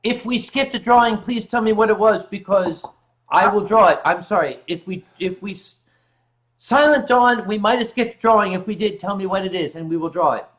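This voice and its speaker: A man's voice: high voice, brisk, fairly bright tone. A tipsy man hosting a casual drinking livestream, reading out viewer messages and joking around. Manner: reads viewer messages aloud, joking and rambling. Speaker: livestream host.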